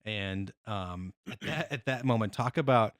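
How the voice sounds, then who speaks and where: A man's voice: fairly low pitch, a bit bright, no room sound, clean studio sound. A man co-hosting a podcast, telling a story in a loose, casual way with lots of fillers and restarts. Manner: laid-back, halting with many fillers and restarts. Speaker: podcast co-host.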